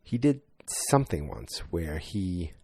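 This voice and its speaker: A man's voice: low-pitched, big pitch swings, unhurried, mellow, husky, no echo, clean studio sound. A man hosting a podcast, giving a casual, rambling movie review monologue that often corrects itself. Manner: rambling, self-correcting, chatty. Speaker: podcast host.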